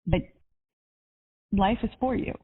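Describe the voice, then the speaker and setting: A woman's voice: mid-range voice, slow pace, breathy edge. A woman life coach on a coaching call, talking in an upbeat, encouraging and spiritual way. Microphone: phone or call line. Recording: tinny phone-line audio.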